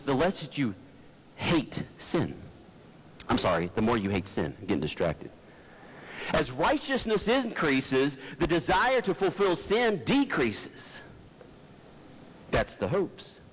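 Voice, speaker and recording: Man, pastor, conversational sermon, low talker, rambling asides, close headset mic. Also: very animated, fairly quick, husky, poor audio. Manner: low-talking, folksy, digressive, stumbles and restarts. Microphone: headset mic by the mouth.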